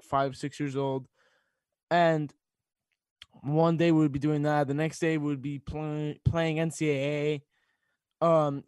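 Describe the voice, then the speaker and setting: A teenage boy, a student radio sports director, talks on air while fighting back tears, halting and laughing. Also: fairly high pitch, darkish tone, dry recording. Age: teens. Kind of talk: emotional casual chat on radio.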